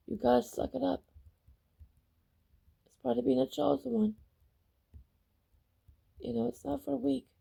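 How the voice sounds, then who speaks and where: Woman vlogger, dark gravelly voice, heated repetitive personal rant. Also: a little high. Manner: heated, repetitive and emphatic, swearing. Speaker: vlogger reacting to videos. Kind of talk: emotional personal vlog rant.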